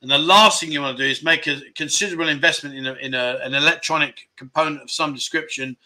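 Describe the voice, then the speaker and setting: A man hosts a casual livestream, reading out comments and thanking viewers by name. His voice is very bright and sits a little high, and he keeps the tone jokey and chatty. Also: fast. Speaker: livestream host.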